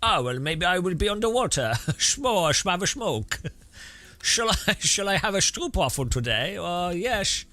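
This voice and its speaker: A man putting on a mock Dutch accent to play a carefree Dutch man slowly musing aloud. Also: sits high, very animated, bright, forceful tone, pitched above the performer's own voice, full character voice.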